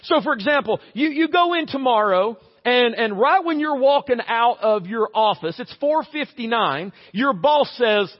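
High-voiced pastor preaching in a hall. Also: male voice, expressive, normal speed, hardly any pauses. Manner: conversational, humorous, acts out little scenes. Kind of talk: sermon. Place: church sanctuary. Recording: reverberant church hall, slightly dull audio.

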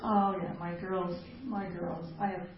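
A woman's voice: fairly low pitch, little pitch movement, measured pace. Chatty middle-aged woman speaking in an echoey hall. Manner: chatty, self-mocking, laughs often. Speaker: women's ministry speaker. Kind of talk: live talk to a women's group. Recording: echoey hall, distant mic, dull lo-fi sound, faint noise.

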